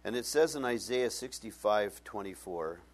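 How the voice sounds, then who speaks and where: A man's voice: lowish voice, animated, normal speed. A middle-aged male pastor preaching a sermon, telling personal stories and acting out both sides of conversations with self-mocking humor.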